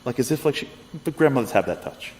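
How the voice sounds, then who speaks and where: A man telling a story to an audience in a lively, repetitive way, often asking the audience questions. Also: mid-range voice, quick pace. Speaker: speaker. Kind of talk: animated storytelling talk. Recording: reverberant hall, faint noise.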